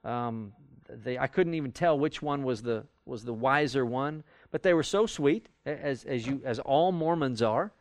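Pitched in the middle and paced moderately, this male voice carries no echo. He is teaching a Bible study in a relaxed, conversational style and performs the quoted arguments as he goes, in an audio recording made with a live class.

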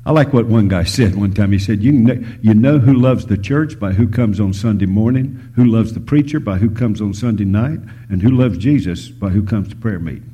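A man preaching a sermon, shifting between loud emphasis and hushed whispers, telling stories and asking the audience questions. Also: on the low side, normal speed, hardly any pauses, slightly rough. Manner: storytelling, asks the audience questions.

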